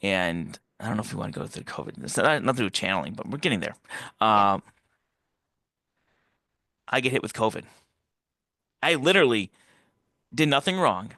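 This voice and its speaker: Bright-voiced man telling a rambling story. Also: expressive, normal speed, pauses often, no room sound, clean studio sound. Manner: rambling, acts out quoted voices with big pitch jumps. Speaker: interview guest. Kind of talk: casual personal storytelling.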